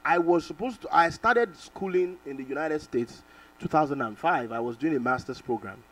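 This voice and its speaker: Animated man preaching from Nigeria. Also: fairly high pitch, normal speed, far from the mic, rough recording. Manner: animated storytelling, laughs, calls for amen. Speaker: pastor. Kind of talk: sermon with personal testimony.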